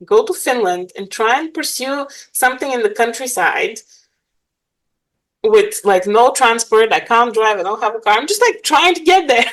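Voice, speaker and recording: A woman's voice: a little high, expressive, normal speed, low-quality recording. A woman from Bulgaria, a guest in a casual interview, talking animatedly with many fillers and frequent laughs.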